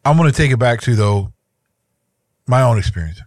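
A man's voice: mid-range voice, animated, normal speed, a little mellow, no echo, clean studio sound. A man in his thirties, a podcast co-host, chatting casually and telling a personal story in a rambling way, with many restarts. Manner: rambling, with frequent restarts and repeated words.

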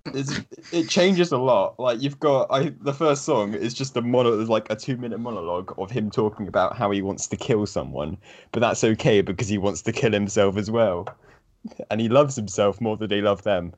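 A man's voice: fairly low pitch, normal speed, darkish tone. A man chatting as a podcast guest, talking eagerly and rambling with lots of fillers. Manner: enthusiastic, rambling with many fillers. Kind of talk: casual chat.

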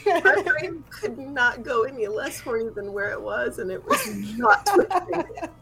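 A woman's voice: sits high, very animated, unhurried, gravelly, poor audio. A woman playing in a tabletop role-play, giggly and flustered. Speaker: player.

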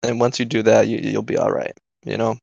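Speaking briskly in a low, monotone voice with vocal fry and a darkish tone, this male podcast co-host relays a story in a loose, profane way. Fillers abound, and he repeatedly throws in "right?" The sound is flat, lo-fi and completely dry.

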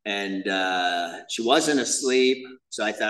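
A man's voice: lowish voice, takes it slowly, fairly bright tone, recorded from a distance, rough recording. A man speaking at a recovery meeting, telling his personal story in a casual, self-deprecating way, sprinkled with "man" and "you know". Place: meeting room.

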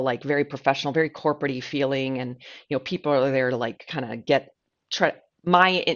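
Woman podcast co-host, chatty storyteller, lively and filler-heavy, slightly dull lo-fi sound. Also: rumbling low. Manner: animated, chatty, lots of fillers. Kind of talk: casual storytelling chat.

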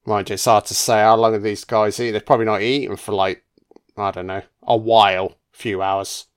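A man's voice: on the low side, level tone, fairly quick, clean tone. A man giving casual, sardonic film commentary full of swearing and jokey asides.

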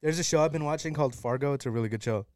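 A man's voice: medium pitch, rapid-fire, a little mellow, no room sound, clean studio sound. A man in casual podcast chat, telling rambling stories and laughing as he goes.

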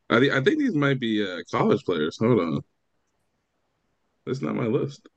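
A man co-hosts a laid-back sports podcast, rambling through his thoughts with halting restarts. He laughs along easily with the others. His voice sounds dry and close to the mic. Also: medium pitch, wildly swooping pitch, no echo, lo-fi sound. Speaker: co-host. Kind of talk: casual podcast chat.

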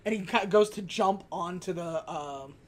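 A woman's voice: lowish voice, unhurried, a little mellow. A woman co-hosting a casual podcast, retelling a movie plot in a rambling, laughing way, acting out quotes as she goes. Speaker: podcast co-host. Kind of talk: casual movie recap chat.

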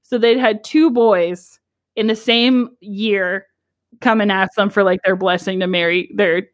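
Telling a story during a casual podcast chat, this twenty-something co-host is lively and giggly and leans heavily on "like." Her voice is mid-range and her pace measured.

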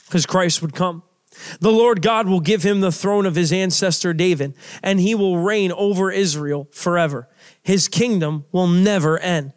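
A young man preaching a sermon in a casual, conversational way, full of "like" fillers and restarts as he reads and explains scripture. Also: high voice.

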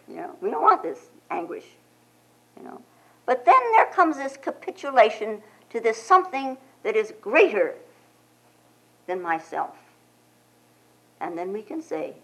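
A woman Zen teacher giving a spiritual sermon. She retells scripture as a gentle, reflective storyteller and often adds "you know". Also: a little high, husky, low-quality recording. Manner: slow and expressive, frequent "you know" asides.

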